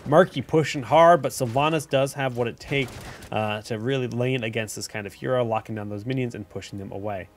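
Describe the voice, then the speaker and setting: A man talking through game replays in a loose, chatty way at a middle pitch. He trips over his words and restarts often, and he jumps into excited yelps when a play goes wrong. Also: a little fast. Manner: chatty, self-correcting, bursts into excited shouts at big plays. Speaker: host commenting on viewer-submitted game replays. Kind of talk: casual game replay commentary.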